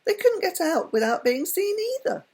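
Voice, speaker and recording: A woman doing a fretful shrill housekeeper. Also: sing-song, normal speed, darkish tone, full character voice. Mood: distressed. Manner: high, anxious and pleading.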